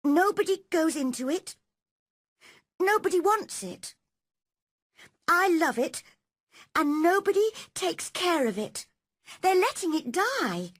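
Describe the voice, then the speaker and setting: A woman's voice: big pitch swings, slow, long pauses, no room sound, studio quality, full character voice. A woman voicing an anxious, eager young girl in a storybook reading. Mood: pleading. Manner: high and eager.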